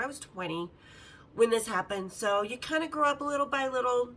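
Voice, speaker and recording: A woman hosting a podcast, telling candid, bawdy stories in a lively, casual way and acting out the other people in them. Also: high-pitched, brisk, poor audio. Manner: lively, acts out the others' lines in her story. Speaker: podcast host. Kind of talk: casual storytelling.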